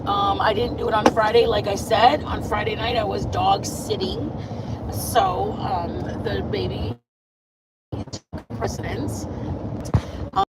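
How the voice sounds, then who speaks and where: A woman's voice: mid-range voice, expressive, slow, pauses often. A woman streamer giving a casual, sassy rundown, chatting and rambling with fillers, recorded on a phone camera inside a moving car. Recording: loud car road noise.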